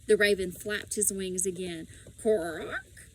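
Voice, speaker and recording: Woman reading a kids' chapter book, slow and expressive, lively ups and downs. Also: mid-range voice, a little hiss or hum, rough recording. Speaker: audiobook reader. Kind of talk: children's storybook narration.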